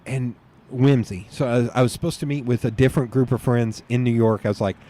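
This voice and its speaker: A man's voice: mid-range voice, fairly even intonation, brisk, warm tone. A man with a Southern US accent, a podcast guest rambling through stories in casual chat and laughing often.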